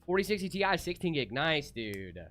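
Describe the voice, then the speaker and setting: Laid-back dude reading livestream chat. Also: male voice, on the high side, big pitch swings, normal speed, a bit bright, soft background music. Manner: laid-back, reads chat aloud, calls people dude. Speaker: livestream co-host.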